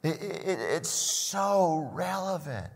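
Slow, lively older male preacher in a reverberant hall. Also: on the high side, gravelly. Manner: repeats words at starts of phrases, asks listeners questions. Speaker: pastor. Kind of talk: sermon.

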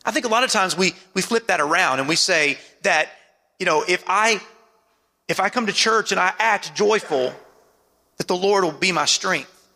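A high-pitched, gravelly man delivers a sermon as pastor, calling for amens and sinking his voice for emphasis. His tone is bright and forceful. The sound carries a long hall reverb. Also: lively intonation, normal speed. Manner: preaching with call-and-response asides and dramatic drops in pitch.

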